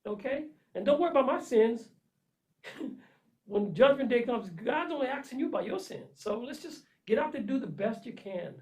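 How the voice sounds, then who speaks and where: A man delivering an emphatic, repetitive motivational monologue, swinging between loud urging and low, intense asides. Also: big pitch swings, fairly quick, rough recording. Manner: preachy, earnest pep talk with frequent "man" and "okay". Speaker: vlogger giving life advice.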